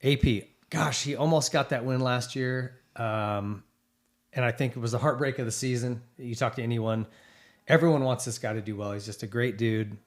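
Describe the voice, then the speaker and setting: A middle-aged man in easygoing conversation, his voice sitting at an ordinary middle pitch. He talks with real enthusiasm, rambling a little and leaning on fillers as he works through his thoughts. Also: moderate pace. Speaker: podcast co-host. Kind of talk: casual chat about racing.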